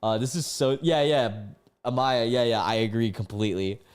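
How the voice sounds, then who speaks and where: On a live stream, a young man reads stories out loud, frequently exclaiming and laughing as he reacts. He speaks at a normal speed in a smooth, mid-range voice. His manner is excitable.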